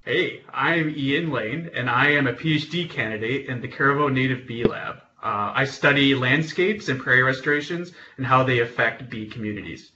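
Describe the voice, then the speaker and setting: A man's voice: mid-range voice, moderate pace, hardly any pauses, sharp tone, muffled recording, a little hiss or hum. A young man, a PhD student guest, introducing himself casually with a joking manner.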